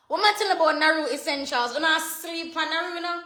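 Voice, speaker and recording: A woman's voice: sits high, fast talker, few pauses, pushed and bright. Chatty woman in an echoey room. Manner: chatty, reads viewer comments aloud. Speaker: livestreamer. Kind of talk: casual livestream chat. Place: home room.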